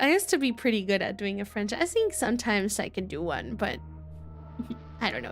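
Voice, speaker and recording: A woman streamer reacting casually during a readalong, excitable and giggly with exaggerated gasps. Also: on the high side, normal speed, soft background music. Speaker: streamer voice actor.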